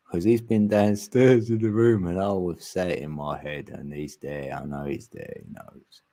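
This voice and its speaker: A man's voice: sits low, steady tone, moderate pace, dark tone, no echo. A man, rambling and laughing often in casual chat as a livestream host.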